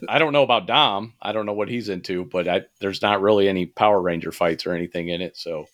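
A man's voice: deep voice, fast talker, fairly bright tone. A man co-hosting a podcast, chatting casually and animatedly about movies, swearing and laughing often, with many fillers and restarts. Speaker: podcast co-host.

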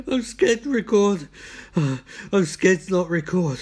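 Frazzled high-voiced man ranting. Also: animated, a little slow, darkish tone, slightly rough. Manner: swinging between frantic rants and exhausted mumbling, swearing often. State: exhausted. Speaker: podcast host. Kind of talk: comedic podcast monologue.

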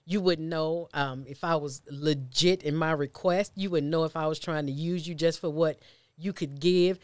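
A man's voice: a little high, steady tone, normal speed, smooth, no echo. Preacherly man on a dry podcast mic. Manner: preacherly, builds points with repetition. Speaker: church podcast co-host. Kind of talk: casual faith discussion.

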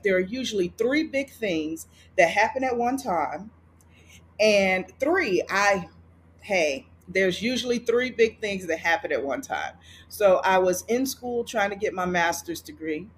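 A woman guest author telling a personal story in a casual podcast conversation, animated and laughing often. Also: mid-range voice, measured pace, a little hiss or hum.

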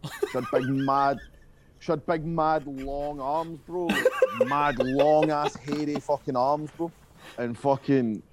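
A man's voice: on the high side, fairly even intonation, slow pace, heavy background noise. A young Scottish man telling stories from his school days in a casual interview, rambling and swearing, full of fillers. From Scotland. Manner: rambling, profane, with frequent fillers. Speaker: guest musician.

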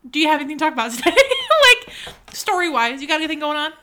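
A woman's voice: sits high, rapid-fire, fairly bright tone, slight background noise. A young woman co-hosting a book podcast, playful and giggly in casual chat with her best friend, sharing one mic across a table. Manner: playful and giggly, swoops into silly voices. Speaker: podcast co-host. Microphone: one mic shared across a table.

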